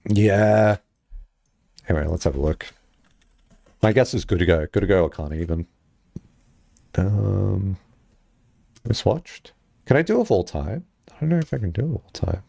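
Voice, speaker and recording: A man chatting casually on a live stream, rambling and laughing often, jumping up high when excited, on a headset mic. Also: measured pace, vocal fry, long pauses, dry recording, clean studio sound.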